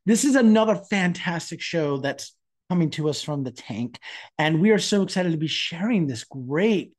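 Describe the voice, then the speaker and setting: A man's voice: a little high, lively intonation, moderate pace. A man hosting a theater podcast, reading an enthusiastic intro and asking interview questions. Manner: upbeat, enthusiastic presenter. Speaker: podcast host.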